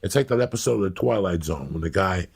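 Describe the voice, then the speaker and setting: A middle-aged man hosting a podcast, telling rambling, animated stories in casual chat. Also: low-pitched, fast talker. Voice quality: very raspy and gravelly. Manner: animated, rambling, acts out scenes. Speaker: podcast host.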